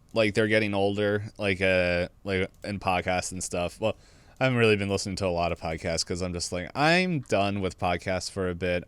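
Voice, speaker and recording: Smooth-voiced man rambling casually. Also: fairly low pitch, no echo. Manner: rambling, laughs often. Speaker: podcast co-host. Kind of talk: casual chat.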